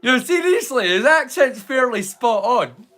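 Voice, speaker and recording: A man's voice: extremely high pitch, animated, unhurried, sharp tone. A man hosting a live movie watch-along, rambling casually with jokes and the odd swear word. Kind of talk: casual live-stream chat.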